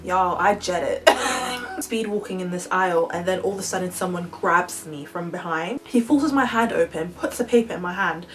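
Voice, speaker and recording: A young woman from Denmark, a vlogger telling a story in a casual, animated way with slang and laughter. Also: on the low side, moderate pace, faint music behind, poor audio. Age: young adult.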